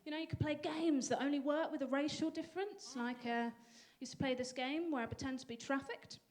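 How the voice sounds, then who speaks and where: A young woman from England performing a stand-up comedy set with a dry, self-deprecating delivery and sudden high bursts. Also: brisk, darkish tone. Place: comedy venue stage. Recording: live audience laughter.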